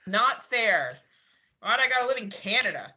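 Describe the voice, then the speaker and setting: A woman's voice: on the high side, very animated, normal speed, very noisy. A woman co-hosting a podcast in casual chat, laughing often and swearing freely. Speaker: podcast co-host.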